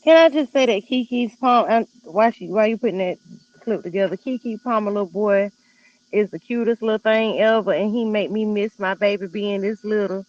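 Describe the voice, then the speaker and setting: A woman's voice: medium pitch, moderate pace, darkish tone, lo-fi sound. A woman in her thirties in a casual group chat, emotional and doting, full of exclamations. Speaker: participant.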